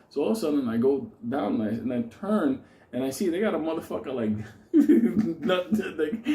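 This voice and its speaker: A man's voice: on the high side, expressive, a little fast, warm tone, reverberant. Profane, rambling middle-aged man telling a story. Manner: rambling, heavy swearing, laughs through the telling. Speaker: storyteller host.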